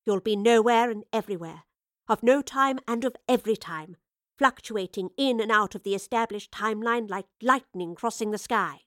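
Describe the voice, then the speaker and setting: A woman voicing a calm, learned female professor who explains things in a quiet, measured voice. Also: mid-range voice, dry recording, clean studio sound, lightly acted. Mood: quiet, grave.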